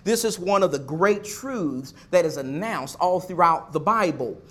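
High-voiced preacher building emphatic repetitions. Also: male voice, expressive, measured pace. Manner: swings between loud pushes and soft asides. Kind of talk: sermon.

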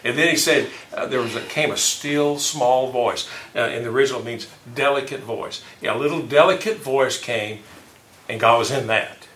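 A man's voice: medium pitch, normal speed, fairly bright tone, slight background noise. A man leading a casual group Bible discussion, telling stories with rambling self-corrections. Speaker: Bible study leader. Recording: echoey room, mic far off.

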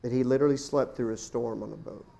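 Dramatic preacher man, loud to hushed. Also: medium pitch, steady tone, fast talker, creaky. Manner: dramatic, swings from loud exclamations to hushed near-whispers; addresses listeners as folks, asks rhetorical questions. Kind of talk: sermon.

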